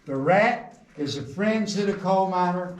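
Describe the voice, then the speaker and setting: A middle-aged guide leads visitors underground through a coal mine, animated yet unhurried, his fairly high voice ringing off the walls. He shares folksy stories and jokes and quizzes the group; the mic is distant and faint noise sits behind him.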